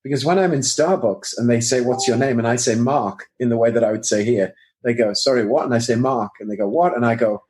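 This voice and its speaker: A British man chats on a podcast at an ordinary middle pitch. He tells his stories in a dry, self-mocking way. He sounds relaxed and conversational. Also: fast talker. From Britain. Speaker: guest, magician. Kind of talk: casual podcast chat.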